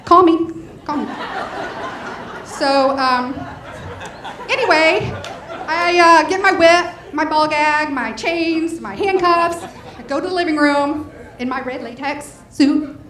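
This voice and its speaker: Brash, high-pitched middle-aged woman comic doing a bawdy club set, echoey room. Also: takes it slowly, a bit bright, recorded from a distance, some chatter behind. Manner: bawdy, brash punchline delivery. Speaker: stand-up comedian. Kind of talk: stand-up comedy set. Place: comedy club stage. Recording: echoey club with faint noise.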